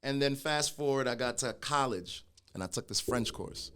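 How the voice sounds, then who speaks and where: A middle-aged man, a guest telling his own story in a casual conversation, animated and acting out the voices of people he quotes. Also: mid-range voice, moderate pace, clear, resonant tone. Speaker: guest, clothing brand founder.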